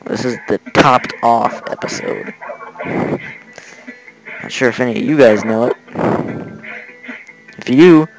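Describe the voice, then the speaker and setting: American teen boy for let's play commentary, lively rambling delivery, gravelly edges, faint game music behind. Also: mid-range voice, poor audio. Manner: rambling, chatty asides, giggly.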